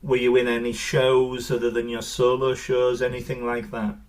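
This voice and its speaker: Male podcast host, mid-pitched, enthusiastic, long rambling questions. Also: completely flat delivery, normal speed. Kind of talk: casual interview chat.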